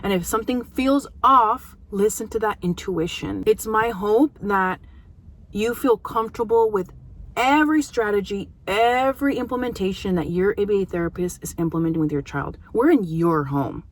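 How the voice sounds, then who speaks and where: An earnest woman in her thirties speaks directly to parents as a behavior analyst. Her voice sits at an ordinary middle pitch, and her talk is casual and heartfelt, broken by emphatic pauses.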